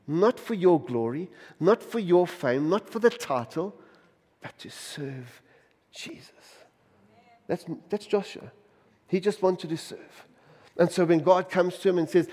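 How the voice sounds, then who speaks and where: Emphatic middle-aged pastor in a reverberant hall. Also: male voice, sits high, a little slow. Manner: emphatic preacher, repetitive rhetorical questions, swings loud and soft. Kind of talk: sermon. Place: church. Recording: long reverb of a church hall.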